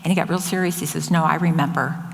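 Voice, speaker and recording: An older woman with a somewhat low voice tells stories from her years as a nurse, slipping into the voices of the people she quotes. Her talk rings with the long reverb of a large hall. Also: fast, gravelly. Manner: anecdotal, quotes others in lively voices. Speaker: nurse and speaker. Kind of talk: storytelling talk.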